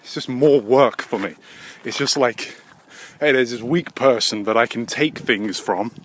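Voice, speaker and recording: A man vlogging on his own outdoors with a handheld camera. He rambles crudely and mocks himself, breaking into sudden silly shouted voices. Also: medium pitch, a little slow, a little hiss or hum. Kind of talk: rambling solo vlog.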